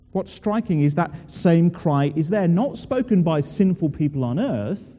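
A man preaching a sermon in a church, asking rhetorical questions and slowing down to stress key words. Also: fairly high pitch, animated, dark tone. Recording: long reverb of a large hall.

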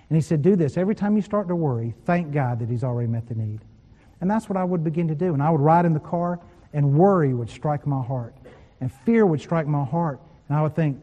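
A man's voice: a little high, brisk, in a large hall, muffled recording. A man preaching a sermon, telling personal stories with quoted voices and laughing at times. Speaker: pastor.

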